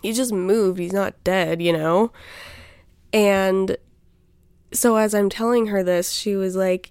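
A young woman talks casually on her podcast, drifting and self-interrupting as she fills pauses with small fillers. Her voice sits at an ordinary pitch. The sound is dry and close, with no room around it. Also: darkish tone, clean tone, no room sound. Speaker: podcast host. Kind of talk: casual personal chat.

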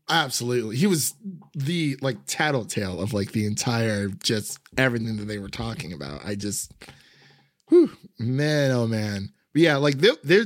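A man's voice: mid-range voice, no room sound, studio quality. A man chatting casually about a film, rambling with many fillers and frequent laughs. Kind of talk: casual film review chat.

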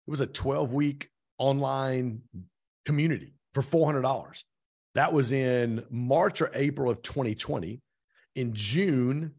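A man's voice: medium pitch, husky. A man being interviewed on a podcast, energetically recounting events and acting out quoted dialogue as he goes. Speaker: podcast guest, real estate team owner. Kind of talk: animated storytelling in conversation.

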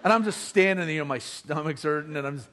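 A man's voice: a little high, fairly quick. A middle-aged man telling a comic family story to an audience, acting out the voices of his relatives. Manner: animated, acts out family members' voices.

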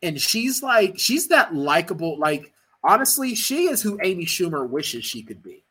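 A man's voice: high voice, big pitch swings, normal speed, bright, forceful tone, slightly rough, low-quality recording. A man co-hosting a podcast, chatting casually and playfully about a film. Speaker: podcast co-host. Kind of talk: casual chat.

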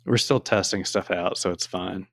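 A man chatting casually on a livestream, with wry, deadpan asides. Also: deep voice, moderate pace, gravelly, dry recording, clean studio sound.

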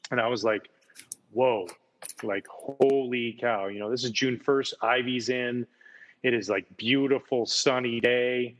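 A man's voice: medium pitch, steady tone, moderate pace, fairly bright tone. A man, a former baseball player, chatting casually and telling enthusiastic stories about his playing days, often repeating words for emphasis. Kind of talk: casual chat, storytelling.

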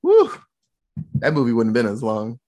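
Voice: mid-range voice, wildly swooping pitch, normal speed, darkish tone. A podcast host in casual movie-review chat who jokes, acts out quotes and swears freely.

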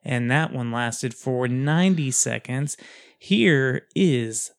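A man's voice: medium pitch, expressive, slow. A man hosting a podcast in casual chat, rambling with many fillers and frequent laughs. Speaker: podcast host.

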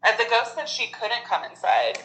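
A woman's voice: fairly high pitch, sing-song, moderate pace, crowd noise, rough recording. A woman chatting casually about a film, filling her talk with "like" and laughing often. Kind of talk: casual movie discussion chat.

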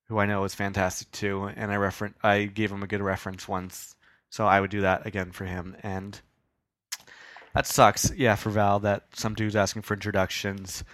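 A young man talks through a solo podcast in a loose, rambling way, often poking fun at himself and swearing casually. His voice sits a little low, and the recording is dry and close. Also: flat delivery, normal speed, a bit bright, no echo. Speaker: podcast host.

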